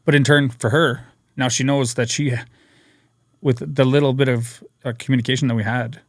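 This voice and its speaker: A man telling his recovery story as a podcast guest, earnest and energetic, acting out what people said. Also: medium pitch, moderate pace, no room sound, studio quality. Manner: energetic, earnest storyteller who acts out quotes. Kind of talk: personal storytelling interview.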